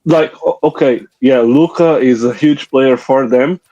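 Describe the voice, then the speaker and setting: A man's voice: medium pitch, measured pace, mellow, muffled recording. A man in a casual group chat, talking emphatically with exasperated asides. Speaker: panel guest.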